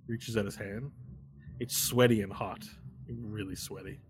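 A man with a fairly low voice serves as game master, describing scenes for the players. He narrates in a loose, casual way, with fillers along the way. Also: steady tone, measured pace.

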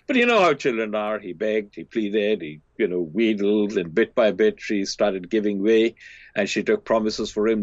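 Older male guest, low voice, lively storyteller, slightly dull recording. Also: moderate pace, no room sound. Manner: animated storyteller, voices characters with big pitch swings. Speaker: podcast guest, teacher. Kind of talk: storytelling in conversation. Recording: dry, slightly dull lo-fi sound.

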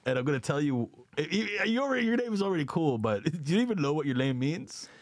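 A man's voice: a little high, big pitch swings, quick pace, dry recording. A man hosting a casual podcast chat, playful and teasing, swearing freely. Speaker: podcast host.

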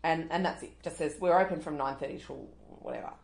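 A woman's voice: sits low, fast talker, creaky, darkish tone. A middle-aged Australian woman co-hosting a casual chat, ranting in exasperation and swearing freely. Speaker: podcast co-host.

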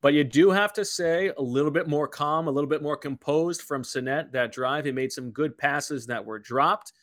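A man's voice: on the high side, normal speed, fairly bright tone, no echo, clean studio sound. A man working as a football color commentator, opinionated and emphatic, who gets fired up about the calls.

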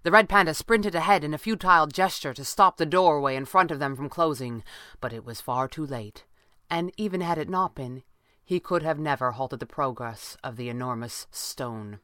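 Brief: woman narrator, low pitch, steady measured storytelling, dry close sound. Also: smooth, no room sound. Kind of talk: audiobook narration.

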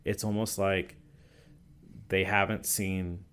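A man's voice: sits low, flat delivery, takes it slowly, a bit bright, clean tone. A man who is a youth pastor, telling stories in a casual podcast interview, full of "like" and "you know" restarts. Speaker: youth and young adults pastor. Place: podcast recording session.

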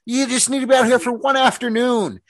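A man's voice: extremely high pitch, fairly even intonation, a little fast, fairly bright tone, dry recording. A man co-hosting a casual podcast chat, ranting with heavy profanity. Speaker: podcast co-host.

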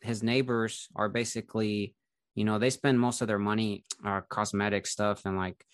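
Low-voiced man, dry and close. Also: steady tone, moderate pace, smooth, no room sound. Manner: easygoing, talkative, many filler words. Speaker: investing YouTuber. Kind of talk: casual conversation between creators.

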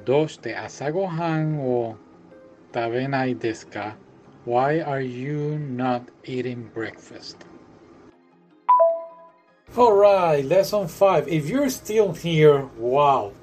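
A man's voice: medium pitch, lively intonation, takes it slowly, darkish tone, soft background music, rough recording. A man working through a language app lesson, chatty and often repeating and correcting himself. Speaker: language tutor. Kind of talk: casual lesson walkthrough.

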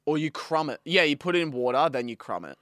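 A man's voice: a little high, sing-song, fast, a bit bright, no echo, clean studio sound. Laid-back young Australian man chatting. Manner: laid-back storytelling with slang and fillers. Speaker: podcast co-host. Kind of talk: casual chat.

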